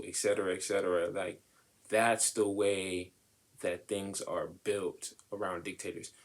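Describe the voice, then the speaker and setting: A young man co-hosting a podcast, talking casually about relationships in an animated, slangy way, acting out the voices of people he quotes. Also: low-pitched, unhurried. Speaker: podcast co-host.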